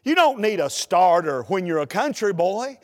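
A man, a preacher telling a humorous story in a folksy, animated way during a sermon. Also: high-pitched, moderate pace, long reverb tail.

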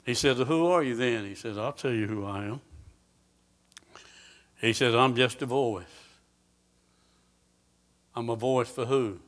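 Man preaching a sermon; unhurried, pointed delivery, leaning on each phrase, mid-pitched voice. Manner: slow, emphatic scripture reading with rising intensity; asks the congregation direct questions.

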